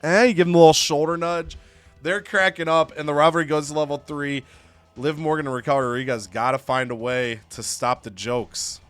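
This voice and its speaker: A young man hosting a gaming video, animated and storytelling, acting out characters as he recaps a wrestling game. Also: fairly high pitch, brisk, clean tone, soft background music. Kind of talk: casual narration of a wrestling game save.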